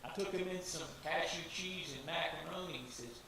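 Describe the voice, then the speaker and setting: A high-voiced man with a gravelly edge tells his story to a church in a loose, folksy way, circling back and restarting his sentences. He sounds distant from the mic, with heavy hall echo and clear background noise. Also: a little fast, crowd noise. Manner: folksy, rambling, many restarts. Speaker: church member giving testimony. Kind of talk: informal testimony in church.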